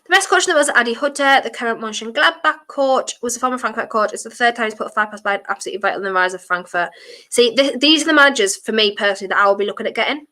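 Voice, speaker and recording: A woman with a bright, forceful, fairly high voice streams a football watchalong. She gives passionate, blunt opinions in a chatty way and breaks into shouting when a foul goes unpunished. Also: very fast. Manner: bursts into shouting at fouls. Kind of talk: live match commentary and fan chat.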